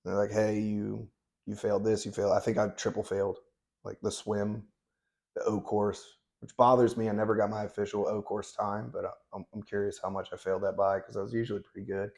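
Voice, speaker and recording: A thirtysomething man with a lowish, darkish voice, flat and a little fast, with vocal fry. He's an interview guest telling stories in a blunt, laid-back way, swearing plenty as he goes.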